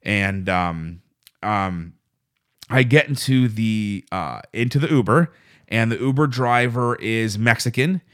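A man's voice: lowish voice, slow, a bit bright. A man hosting a solo podcast, telling a rambling, self-deprecating story with plenty of swearing. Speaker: podcast host.

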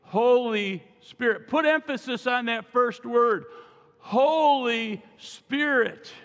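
A man's voice: extremely high pitch, a little slow, a bit bright. A male pastor preaching a sermon with emphasis and calling the congregation to repeat after him. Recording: long reverb from a large hall.

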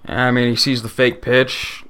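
A man's voice: mid-range voice, flat delivery, unhurried, a bit bright, clear, resonant tone. A man hosting a casual podcast chat, upbeat and moving the show along. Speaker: podcast host.

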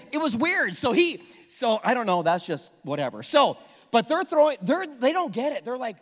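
A pastor in his forties preaching a sermon, animated and joking as he acts out the people in the story. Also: high voice, a little fast. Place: church hall. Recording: long reverb of a church hall.

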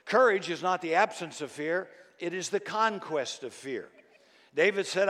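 A male pastor preaching a sermon, swinging from quiet, low asides to loud, shouted declarations. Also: measured pace. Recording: long hall reverb.

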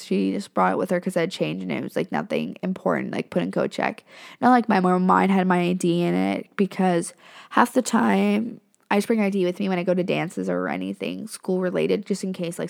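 A woman's voice: mid-range voice, vocal fry, a little mellow. A young woman hosting a podcast, telling a story in a rambling, casual way and swearing freely. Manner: rambling, profane, says "like" and "literally" a lot. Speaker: podcast host.

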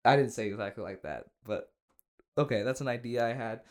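A young man hosting a casual comedy podcast, rambling through halting restarts and trailing asides. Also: mid-range voice. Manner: rambling, halting restarts, trailing "you know what I'm saying". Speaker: podcast host.

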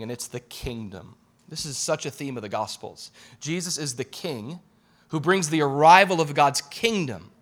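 A man delivers a sermon as pastor, speaking with a slightly raised pitch. He preaches in an animated, conversational way, hammering on repeated phrases and slipping into casual asides.

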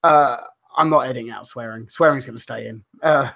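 A man's voice: mid-range voice, brisk, gravelly, pushed and bright. A man co-hosting a podcast, rambling through a story in casual chat with lots of fillers, restarts and swearing. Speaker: podcast co-host.

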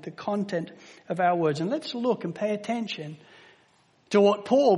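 An English man preaching a sermon to a congregation, emphatic, slowing down to stress words and rising in volume at key points. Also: high-pitched. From England. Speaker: pastor. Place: church hall with long reverb. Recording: reverberant church hall.

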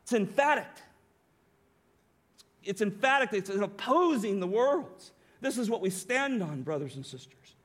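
A man's voice: high-pitched, lively intonation, unhurried, a bit bright. A man preaching a sermon as pastor, emphatic, with rhetorical questions to the congregation.

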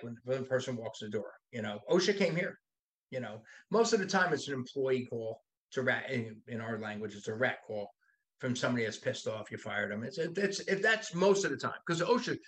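Here's a sixty-something body shop owner on a laid-back podcast, swearing freely and speaking his mind. He has a medium-pitched voice that comes across a bit bright.

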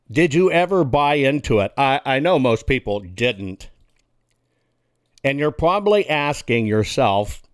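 A man's voice: mid-range voice, smooth, no echo, clean studio sound. A male talk radio host delivering a combative monologue and building up a hypothetical scenario. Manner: combative, emphatic, insulting opponents.

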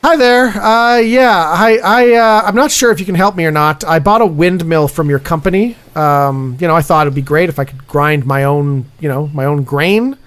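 A man's voice: a little high, fairly bright tone, smooth, voice pushed down, close to an everyday voice. An improv performer playing a hesitant male customer calling about his windmill. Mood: weary. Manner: halting, hesitant. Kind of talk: improv comedy.

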